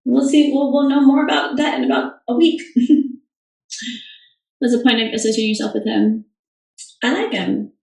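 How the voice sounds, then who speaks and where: A woman's voice: sits high, steady tone, moderate pace, gravelly, pauses often, darkish tone, distant mic. A young woman chatting casually on a livestream, answering fan questions with lots of fillers and restarts. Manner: chatty, rambling, many fillers. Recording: echoey room, off-mic.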